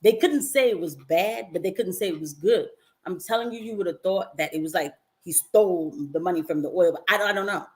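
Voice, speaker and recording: A woman's voice: fairly low pitch, brisk. A young woman, a nurse, chatting casually on a livestream, reading viewer comments and slipping into mocking voices. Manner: animated, swings into mocking quoted voices, laughs often. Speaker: nurse and political vlogger.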